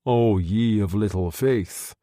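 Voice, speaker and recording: A man's voice: fairly low pitch, slow pace, warm tone, no echo. Give me a man playing a reassuring, resourceful man in a dry room. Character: resourceful island man Gallagher.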